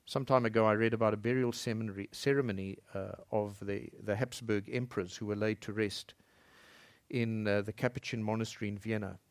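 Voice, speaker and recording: A man preaching a sermon as pastor in a church, swinging between loud emphatic lines and soft low passages. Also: steady tone, fairly quick, dry recording.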